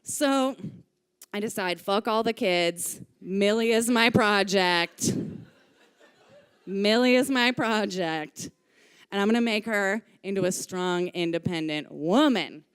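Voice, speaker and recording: A woman telling a personal story live on stage into a microphone, candid and lively, swearing casually. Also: mid-range voice, slow, clean tone. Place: stage of a live music venue.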